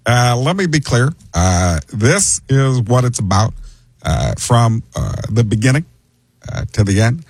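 A man doing an impression of a measured male politician who speaks slowly with long "uh" pauses. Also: medium pitch, sing-song, breathy edge, exaggerated voice. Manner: slow, halting, with many "uh" pauses.

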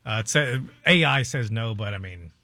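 A man's voice: fairly low pitch, expressive, normal speed, bright, forceful tone, no echo. A man co-hosting a radio show, laid-back and wry in casual banter. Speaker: radio co-host.

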